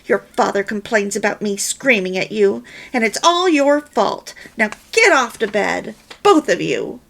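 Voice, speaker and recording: A woman reading the part of a quick-tempered wife and mother who speaks in a pleading way. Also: fairly high pitch, vocal fry. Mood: scolding.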